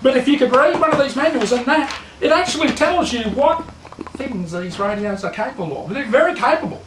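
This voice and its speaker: Sarcastic Australian man, high voice. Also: lively intonation, brisk, reverberant, noisy background. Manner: sarcastic, mocking, lecturing. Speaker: mock instructor. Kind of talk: satirical comedy lecture.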